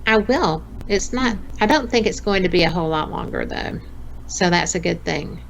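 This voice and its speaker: A woman's voice: lowish voice, animated, normal speed, creaky, a little hiss or hum, rough recording. Chatty Southern woman in her fifties. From American South. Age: 50s. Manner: chatty, laughs often, folksy sayings. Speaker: guest, radio host. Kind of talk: casual interview chat.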